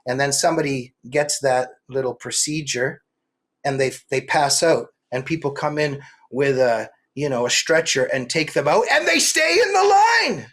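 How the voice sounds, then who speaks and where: A middle-aged man, an author interviewed as a guest, telling animated stories with many quick restarts. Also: medium pitch. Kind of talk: political interview.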